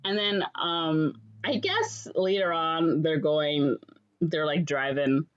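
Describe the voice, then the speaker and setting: A young woman co-hosting a podcast, casually recapping a movie with lots of fillers and quick acted-out lines. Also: low-pitched, expressive, dull audio. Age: young adult. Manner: rambling, acts out characters' lines in quick voices. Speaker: podcast co-host.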